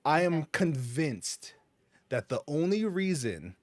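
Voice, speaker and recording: A man co-hosting a podcast, riffing casually on movie news with quick laughs. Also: a little high, very animated, darkish tone, no room sound. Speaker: podcast co-host. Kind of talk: casual chat.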